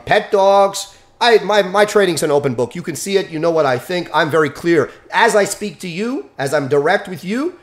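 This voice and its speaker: Male dog trainer, angry and blunt, fires off rhetorical questions in a high, swinging voice. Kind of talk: angry direct-to-camera rant.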